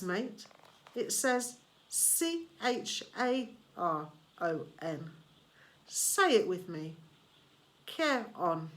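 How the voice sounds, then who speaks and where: Female reader playing a sweetly cold, menacing British male ferryman, slow and silky. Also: fairly low pitch, fairly bright tone.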